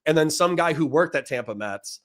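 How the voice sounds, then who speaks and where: Man, Marine veteran, casual storytelling, rambling, profane, slightly high voice. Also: lively intonation, brisk. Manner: rambling, profane, laughs often.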